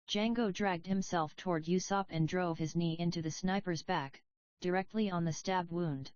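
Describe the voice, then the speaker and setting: A woman narrating a story audiobook in an even, measured reading voice. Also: lowish voice, dry recording. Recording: dry, slightly dull audio.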